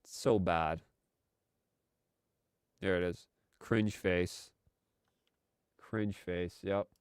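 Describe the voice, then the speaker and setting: Male stream host, slow and sarcastic, smooth clear voice, dry close sound. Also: low-pitched, steady tone, no room sound. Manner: sarcastic, exasperated. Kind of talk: live commentary stream.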